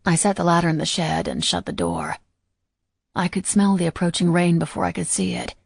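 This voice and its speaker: Woman reading an audiobook, low husky voice, quiet and measured, dry sound. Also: no room sound. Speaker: audiobook narrator. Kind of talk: first-person audiobook narration.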